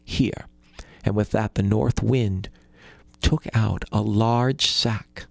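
Male storyteller, gravelly, dry close recording. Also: lowish voice, steady tone, slow, no echo. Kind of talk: folktale storytelling.

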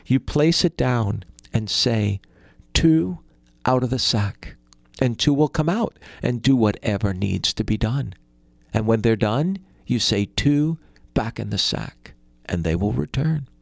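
Storybook north wind spirit, slow and booming, voiced by a male teller. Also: expressive, vocal fry, no echo. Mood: grand.

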